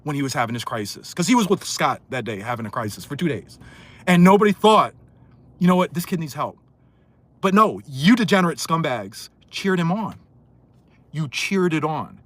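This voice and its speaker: A man ranting angrily on a livestream, hurling insults and swinging between loud outbursts and muttered asides. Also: on the high side, very animated, normal speed. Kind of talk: heated livestream rant.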